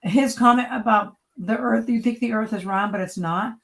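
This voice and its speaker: A woman co-hosting a casual chat, telling animated, teasing stories about her husband. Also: on the high side, moderate pace, creaky, low-quality recording. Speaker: co-host, creator's wife.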